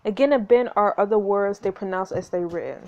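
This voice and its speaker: A woman's voice: mid-range voice, fairly quick, a little mellow, lo-fi sound, slight background noise, natural voice. A woman voicing a cheerful female dialect coach in a story game, speaking in a raised, prim, instructive way. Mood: teaching.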